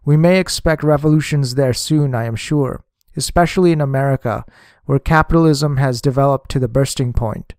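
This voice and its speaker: An argumentative male party official, insistent and quick to grow irritated, as a male audiobook reader puts him on. The voice is mid-pitched, heard in a dry, close recording. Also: a little mellow, dry recording, close to an everyday voice. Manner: argumentative, hot-tempered.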